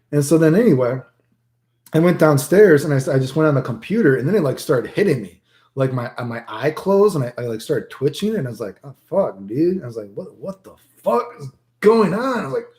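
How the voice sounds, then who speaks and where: A man's voice: medium pitch, echoey room. A man streaming to his chat, telling rambling stories in a casual, profane way and acting out his own lines. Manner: profane, rambling, animated retelling with many filler dudes. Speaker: streamer answering chat questions.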